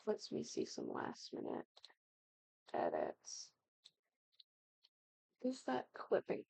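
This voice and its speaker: A young woman from the Midwest chatting animatedly while building a house in a game, with excited exclamations. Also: mid-range voice, slow pace, gravelly, pauses often, husky, no room sound, rough recording. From American Midwest. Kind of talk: casual gaming commentary.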